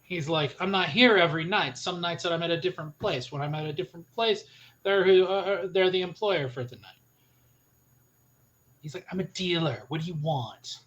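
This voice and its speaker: A man's voice: fairly high pitch, moderate pace, fairly bright tone, lo-fi sound. A man running a tabletop role-playing game as storyteller, recounting what a character says in a string of "he goes" quotes. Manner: retells NPC speech with frequent "he goes".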